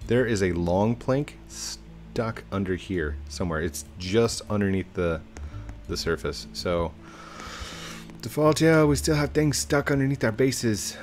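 A man's voice: lowish voice, expressive, moderate pace, soft background music. A man giving casual let's-play commentary, chatting playfully to himself and his viewers as he plays. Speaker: YouTube gamer.

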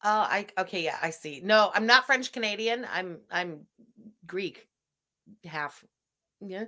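A woman's voice: medium pitch, lively intonation, unhurried, pushed and bright. A woman with a Montreal Anglophone accent giving blunt, profane live commentary on a stream she is watching. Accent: Montreal Anglophone, west side. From Montreal, Quebec. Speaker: streamer reacting to a livestream. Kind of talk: casual commentary.

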